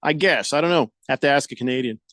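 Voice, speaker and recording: A man's voice: medium pitch, fast, a bit bright, no room sound, studio quality. A man hosting a radio show, joking and reading listener comments aloud in casual banter.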